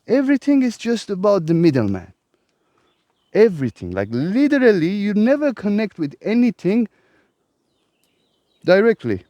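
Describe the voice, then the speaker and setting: A man's voice: high-pitched, darkish tone, dry recording. A man who hosts a self-help vlog, delivering a profane, exasperated ranting monologue. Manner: profane, emphatic, exasperated rant.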